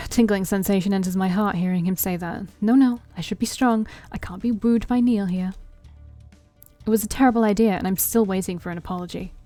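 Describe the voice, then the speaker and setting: A woman's voice: mid-range voice, warm tone, no echo. A woman streamer reading a visual novel aloud, telling the story in the first person with a wry tone. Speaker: let's play streamer.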